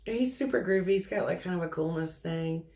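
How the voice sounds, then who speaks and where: A woman psychic medium relaying spirit messages off the cuff, halting and full of ums. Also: lowish voice, dark tone.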